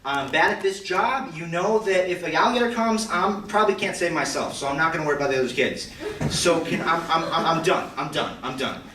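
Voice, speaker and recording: Teen male stand-up, bright, rambling self-deprecating delivery, heard from afar in an echoey hall. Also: animated, fast talker, distant mic, a little hiss or hum. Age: teens. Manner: rambling, self-deprecating, stammering restarts, high squeaky quoted voices. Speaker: student stand-up comic. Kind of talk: stand-up storytelling. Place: school auditorium stage. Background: audience laughter.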